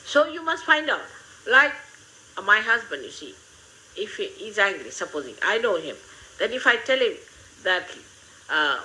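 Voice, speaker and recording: Older woman, lively motherly talk. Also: mid-range voice, normal speed, pauses often, slight background noise, low-quality recording. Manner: gently humorous, motherly, rambling. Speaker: spiritual teacher. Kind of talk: spiritual talk to followers.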